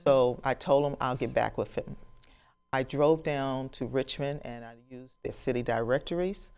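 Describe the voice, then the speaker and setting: A woman's voice: rumbling low, moderate pace, smooth. A woman in her sixties, a professional genealogist, telling a story to an audience and acting out the conversations in it. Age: 60s. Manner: animated storyteller who acts out dialogue and laughs.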